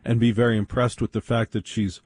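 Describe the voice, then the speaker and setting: Wry, husky-voiced male storyteller. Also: fairly low pitch, level tone, brisk, darkish tone, no room sound. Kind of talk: comic storytelling monologue.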